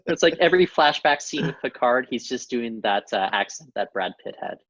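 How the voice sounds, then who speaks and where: A man's voice: mid-range voice, animated, brisk, fairly bright tone, dry recording, rough recording. A man guesting on a podcast, giving opinionated, jokey takes in casual chat.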